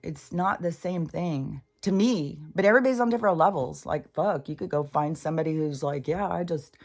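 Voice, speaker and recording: A woman's voice: sits low, brisk, darkish tone. An older woman talking in a rambling, profane, casual monologue as a spiritual channeler.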